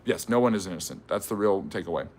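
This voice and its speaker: A man's voice: low voice, quick pace, darkish tone, voice pushed down, lightly acted. A man doing a smug TV pundit impression.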